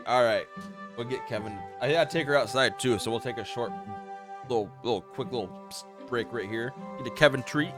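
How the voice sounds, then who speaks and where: A man's voice: medium pitch, a little fast. A man streaming a horror visual novel, reading its text aloud and breaking off into sarcastic, profane commentary, with game music playing behind him. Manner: sarcastic, swears often.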